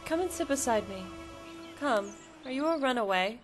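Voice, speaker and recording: A determined mother hunting for her lost son in a dubbed drama. Her voice is high, and she speaks earnestly, often pleading. Faint music runs behind her. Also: lively intonation, normal speed. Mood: gentle.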